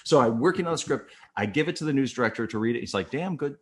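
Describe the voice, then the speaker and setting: An older man, a former TV news photographer and reporter, telling stories from his career in a casual, animated way and acting out the people in them. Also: medium pitch, rapid-fire. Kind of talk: casual anecdotal storytelling.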